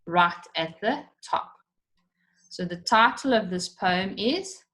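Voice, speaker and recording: Slow, patient woman teaching a lesson. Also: medium pitch, lively intonation, a bit bright. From South Africa. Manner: patient, explains step by step, repeats questions. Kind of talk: recorded online lesson for children.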